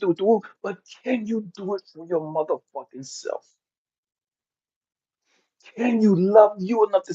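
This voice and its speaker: Male motivational speaker, raw and profane, lively pitch swings, husky, dull lo-fi sound. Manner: intense, profane, preacher-like cadence with big swings in loudness. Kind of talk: impassioned motivational monologue. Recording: dull lo-fi audio.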